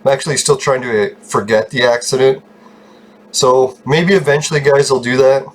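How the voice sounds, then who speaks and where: A man's voice: medium pitch, steady tone, moderate pace, slight background noise. A man telling rambling personal stories while commenting on his gameplay, swearing often and laughing at himself. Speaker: gaming YouTuber.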